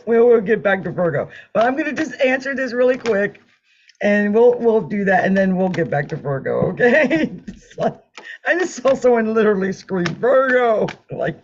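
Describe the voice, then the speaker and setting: Animated woman reading tarot live. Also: a little high, moderate pace, slight background noise. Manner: chatty, animated, laughs often, hums while drawing cards. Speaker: tarot card reader. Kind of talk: live-stream card reading. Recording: dull lo-fi sound.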